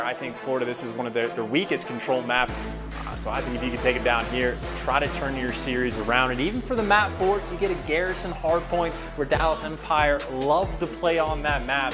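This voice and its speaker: A male analyst breaking down a match in measured, analytical commentary. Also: mid-range voice. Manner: measured, analytical, slight restarts. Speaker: esports analyst. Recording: music bed underneath.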